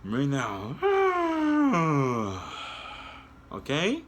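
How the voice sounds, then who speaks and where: Gentle guy walking kids thru yoga, slow and patient, voice goes way up and down. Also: fairly high pitch, huge pitch swings, a little hiss or hum. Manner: gentle, coaxing, talks straight to the children. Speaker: children's yoga story reader. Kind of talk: guiding kids through yoga poses.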